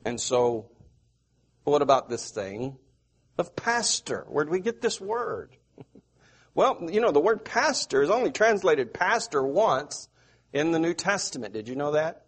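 A man's voice: fairly high pitch, very animated, breathy edge. A middle-aged man from the American South, preaching a sermon and asking his listeners questions. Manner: slow, repetitive, asks the audience questions.

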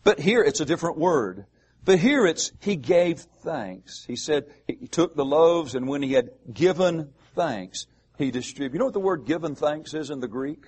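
A man pastor preaching a sermon, asking the congregation rhetorical questions and pausing for emphasis. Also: fairly high pitch, animated, a little mellow, breathy edge.

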